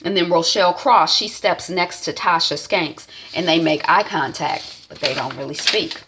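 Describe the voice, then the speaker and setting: A woman casually recapping a TV episode, telling it in an animated way with lots of fillers and acted-out quotes. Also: on the low side, moderate pace. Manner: animated storytelling with many fillers, acts out quotes. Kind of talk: casual chat.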